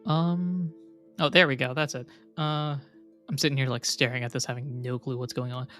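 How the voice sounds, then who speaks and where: A man in the role of game master, narrating a tabletop game in a rambling, halting way full of fillers. Soft music plays faintly beneath him. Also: medium pitch, fairly even intonation. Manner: rambling, hesitant, many fillers.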